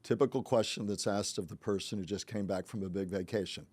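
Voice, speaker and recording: Man, podcast host, low voice, teasing banter, dry close sound. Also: fairly even intonation, a little mellow, breathy edge, no echo. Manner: teasing, quick-witted banter. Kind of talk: casual conversational chat.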